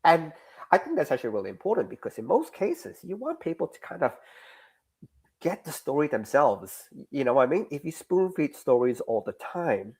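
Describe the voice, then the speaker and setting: A man's voice: on the high side, moderate pace, husky. Chatty man explaining his craft. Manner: animated, restarts mid-sentence. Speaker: guest comics creator. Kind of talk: casual interview chat.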